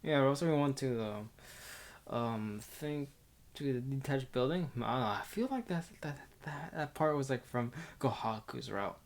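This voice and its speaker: A streamer reading a visual novel aloud in a casual, giggly way, stumbling and restarting over words between bits of chat. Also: medium pitch. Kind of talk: casual visual novel read-through with commentary.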